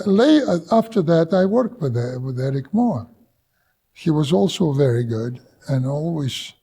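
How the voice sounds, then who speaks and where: A man's voice: fairly high pitch, mellow, slightly rough. A man with a Russian accent, a film director whose first language is Russian, recalling work on a film in an interview and often stopping to search for words. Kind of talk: interview reminiscence.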